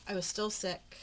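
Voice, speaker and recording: A woman vlogging as she flips through her craft journal, chatting in a rambling, talkative way with frequent soft murmured asides. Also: mid-range voice, slight background noise. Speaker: papercraft vlogger. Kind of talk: casual chatty narration during a journal flip-through.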